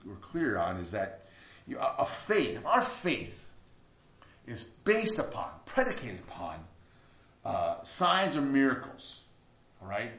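A man preaching a sermon as a pastor, in an earnest manner that swings between loud, emphatic bursts and quiet, reflective stretches. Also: medium pitch, big pitch swings, measured pace, pauses often. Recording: roomy, dull lo-fi recording.

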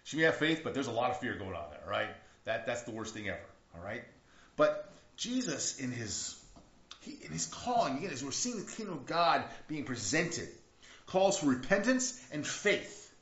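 A man's voice: mid-range voice, sing-song, moderate pace, fairly bright tone. A man preaching a sermon in a conversational way, with frequent restarts and rising outcries. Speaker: pastor. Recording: echoey, dull lo-fi church recording.

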